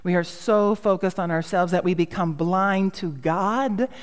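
A woman's voice: on the low side, a little slow, big-room sound. A middle-aged woman pastor giving a sermon in a storytelling way, with self-mocking humor.

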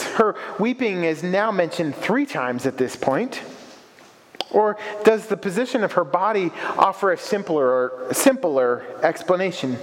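Male preacher, high voice, unhurried reflective sermon, long hall reverb. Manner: reflective, asks rhetorical questions.

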